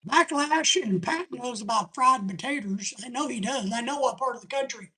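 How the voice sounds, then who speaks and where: A woman's voice: fairly high pitch, moderate pace, few pauses, fairly bright tone, slightly rough. A woman hosting a live stream in casual chat, rambling and chatty as she reads viewer comments aloud.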